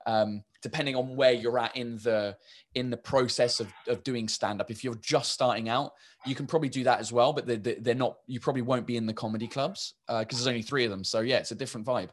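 An English man in his thirties talks loosely, starting over and filling gaps as he goes. His voice sits at an ordinary middle pitch. He comes across as a comedian telling stories in a relaxed interview. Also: fast. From England. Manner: rambling, many restarts and fillers. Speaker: stand-up comedian, guest. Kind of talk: casual interview chat.

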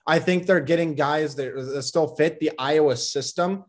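A man's voice: on the high side, moderate pace. A man co-hosting a casual sports talk show, giving opinionated takes on college football recruiting and teasing his co-host.

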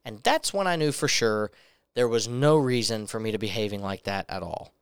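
A man's voice: fairly low pitch, normal speed, clear, resonant tone, no echo, clean studio sound. A young man giving a personal testimony as a sermon, earnestly telling a story and acting out the dialogue in it. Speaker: preacher.

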